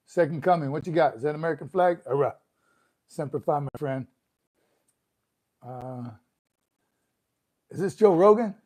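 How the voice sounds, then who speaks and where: Older male host, casual live-stream chat, friendly and upbeat, slightly higher voice. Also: darkish tone. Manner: upbeat, chatty, greets viewers by name. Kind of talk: casual livestream chat reading comments. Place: room at home.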